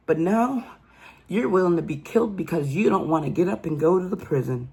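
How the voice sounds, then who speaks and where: A woman's voice: lowish voice, lively intonation, normal speed, warm tone. A woman giving a casual true crime commentary, telling the story emphatically and incredulously and often asking "okay?".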